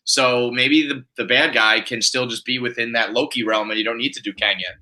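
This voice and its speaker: A man's voice: mid-range voice, fairly even intonation, fairly quick, pushed and bright. A man on a podcast speculating about a show in an easygoing way. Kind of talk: casual podcast chat.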